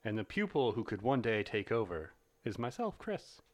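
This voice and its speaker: Man, podcast co-host, casual chat, lively pitch, playful. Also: moderate pace. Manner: animated, playful, laughs often.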